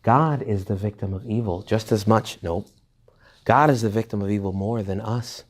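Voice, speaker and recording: A man, a priest, giving an informal retreat talk to young adults, animated and conversational, full of rhetorical questions, jokes and quick asides. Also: lowish voice. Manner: rhetorical questions directed at the audience. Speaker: Catholic priest leading a retreat.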